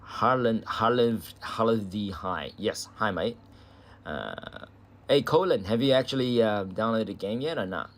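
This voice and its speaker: A man's voice: lowish voice, animated, measured pace. A young Australian man chatting casually with viewers on a game live stream, loose and chatty with the odd swear word.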